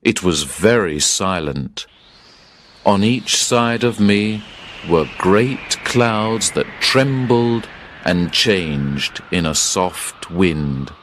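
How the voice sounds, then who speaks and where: A man narrating an audiobook story in the first person, with clear, deliberate storytelling. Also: sits low, lively intonation, a bit bright, slight background noise.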